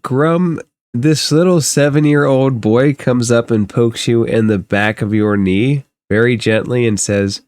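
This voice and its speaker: A man's voice: medium pitch, a little slow, darkish tone, dry recording. A man narrating a tabletop game as game master, easygoing and descriptive.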